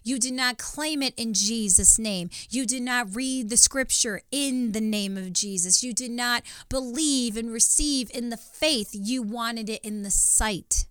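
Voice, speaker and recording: A woman's voice: on the high side, a little slow, hardly any pauses, a bit bright, clean tone, dry recording. A woman co-hosting a Christian podcast, speaking in an emphatic, preachy way and often repeating words as she starts sentences. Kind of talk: faith-based conversational teaching.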